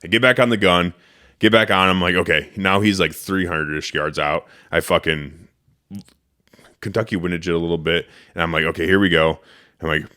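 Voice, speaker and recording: A man's voice: low voice, fairly quick. A man hosting a podcast, telling a story casually and animatedly, swearing and acting out what he said. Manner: animated, profane, acts out his own quotes. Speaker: podcast host.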